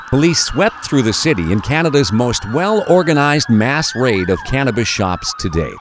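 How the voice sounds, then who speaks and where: A man narrating a documentary podcast in a measured, storytelling delivery. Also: medium pitch.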